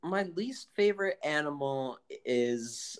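A young man co-hosting a casual podcast, hesitant and stammering, quick to laugh. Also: a little high, lively intonation, smooth. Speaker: podcast co-host. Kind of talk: casual joking chat.

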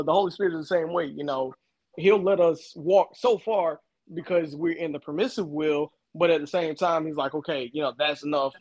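A man's voice: a little high, dry recording, muffled recording. A middle-aged man co-hosting a casual faith talk, explaining with personal stories and everyday examples. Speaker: co-host.

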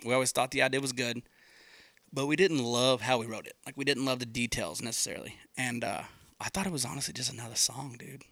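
Man, songwriter storytelling, gravelly, bright tone, dry close sound, loose and rambling. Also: mid-range voice, fairly even intonation, fast, no room sound. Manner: loose, rambling, swears freely, often says dude and like. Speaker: songwriter telling how a song was written. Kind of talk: casual storytelling conversation.

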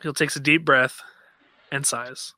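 A man playing a tabletop game, speaking haltingly between narration and character. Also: mid-range voice, steady tone, pushed and bright, no room sound. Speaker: player.

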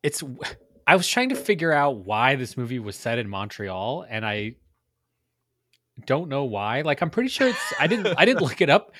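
A man's voice: mid-range voice, very animated, moderate pace, bright, forceful tone, no echo. A man co-hosting a casual movie review chat, musing aloud with dry humor. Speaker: podcast co-host.

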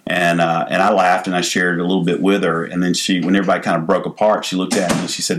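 A man's voice: low-pitched, little pitch movement, quick pace, few pauses. A man with a Southern US accent telling funny stories on a casual podcast, laughing as he talks. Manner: drawling, laughs through his stories. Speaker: podcast host. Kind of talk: casual storytelling chat.

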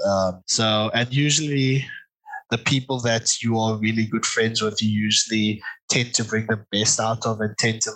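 Bright-voiced man recapping a match. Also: on the low side, low-quality recording. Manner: loose and chatty, many fillers and repeated "I see". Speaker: podcast co-host. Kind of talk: casual chat, play-by-play match recap.

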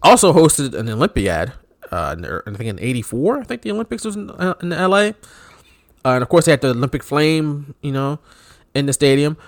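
A man co-hosting a podcast in casual chat, animated and joking. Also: fairly high pitch, fairly quick, dry recording, clean studio sound. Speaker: podcast co-host.

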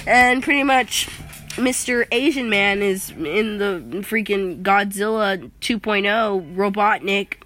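A woman's voice: mid-range voice, fairly even intonation, slow, fairly bright tone. A young woman in a casual, profane, rambling movie rant, exasperated and cursing.

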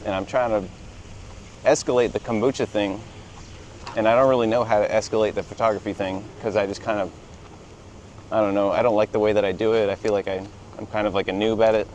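A man's voice: on the low side, steady tone, fast, darkish tone, a little hiss or hum, rough recording. A man talking as a podcast guest on an outdoor walk, easygoing and hesitant, laughing often. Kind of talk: casual walk-and-talk chat.

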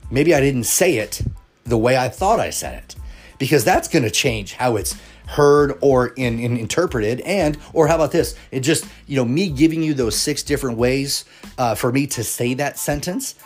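Male solo podcast host, mid pitch, earnest and rambling, lots of restarts, faint music bed. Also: expressive, normal speed, husky. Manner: earnest, rambling, frequent restarts and rhetorical questions. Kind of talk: casual solo podcast monologue.

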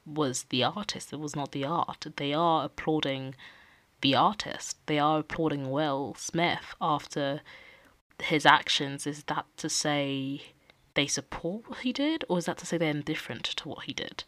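A young woman hosting a podcast, talking in a casual, animated way and acting out quotes. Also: low voice, a little slow, no echo. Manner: animated, acts out quoted people. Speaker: podcast host. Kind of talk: casual opinion talk.

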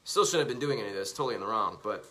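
A man's voice: lowish voice, lively intonation, racing, sharp tone. A man telling a casual, profane, self-mocking story to the camera while reading out tweets. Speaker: vlogger.

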